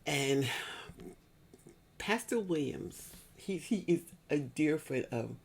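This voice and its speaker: A woman's voice: low-pitched, lively intonation, slow, vocal fry, husky. A middle-aged woman giving heartfelt personal testimony in an earnest, church-going manner, often repeating herself to drive a point home. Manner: earnest and repetitive, often circling back to restate a point. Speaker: speaker sharing a personal grief story.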